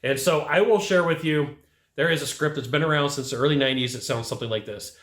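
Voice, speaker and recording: Fast, punchy male sales coach. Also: fairly high pitch, a bit bright. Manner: emphatic, punchy, keeps asking "right?". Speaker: HVAC sales trainer. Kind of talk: coaching talk to camera. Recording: echoey room.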